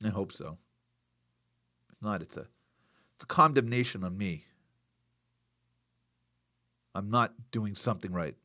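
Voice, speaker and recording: With a fairly low voice at a normal speed, this host banters casually on a live boxing news program. He jokes around, stays animated, and responds to viewer comments. The studio sound is clean, without room sound.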